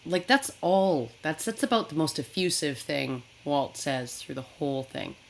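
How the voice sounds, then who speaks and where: A woman co-hosting a podcast, talking in a casual, animated, rambling way with plenty of swearing. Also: sits low, measured pace, vocal fry, slight background noise. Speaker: podcast co-host. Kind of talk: casual chat.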